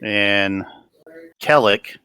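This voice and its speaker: A man running a tabletop game as game master, narrating with frequent pauses as he searches for words. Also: lowish voice, sharp tone, clean tone, no echo.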